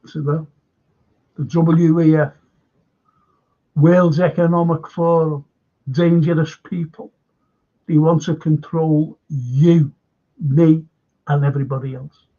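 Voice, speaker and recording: Gravelly, slow Scouse man. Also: fairly high pitch, little pitch movement, mellow, highs cut off. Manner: rambling, chatty, stop-start. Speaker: live stream host. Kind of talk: casual chat reading viewer comments.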